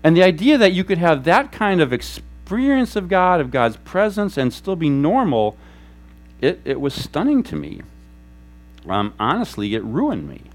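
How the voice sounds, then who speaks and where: Lively storytelling male pastor preaching. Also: fairly high pitch, normal speed. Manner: animated storytelling, acts out quotes. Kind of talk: sermon. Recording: faint mains hum.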